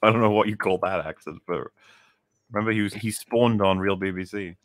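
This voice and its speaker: A man's voice: fairly low pitch, steady tone, brisk, a bit bright, dry recording, clean studio sound. A man chatting casually as a guest, easygoing and wry. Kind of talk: casual chat.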